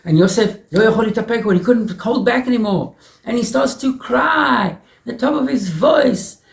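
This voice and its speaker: A male rabbi teaches a Torah lesson in a high-pitched, gravelly voice. He speaks in an animated way, often repeating words as he goes. The recording has a roomy echo. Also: normal speed. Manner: animated, repeats words, many Hebrew terms.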